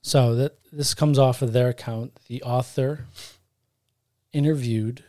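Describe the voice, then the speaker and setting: A man's voice: medium pitch, steady tone, a little slow, warm tone, no echo, studio quality. A man co-hosting a podcast, retelling a story in a casual, rambling way, correcting himself and joking as he goes. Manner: rambling, self-correcting, jokey. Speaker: podcast co-host. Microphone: studio podcast mic.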